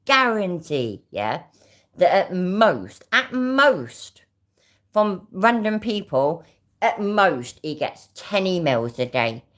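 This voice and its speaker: A woman's voice: fairly low pitch, very animated, slow, fairly bright tone. A woman with a British accent giving sarcastic, sweary casual reaction commentary. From Britain. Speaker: reaction vlogger.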